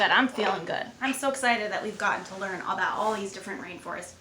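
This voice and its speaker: Taking on the role of Jane, a cheerful young adventurer and friendly guide, this instructor warmly coaches children through movement and mindfulness. Her medium-pitched voice sounds bright and forceful. Slight background noise and faint ambience fill the echoey room.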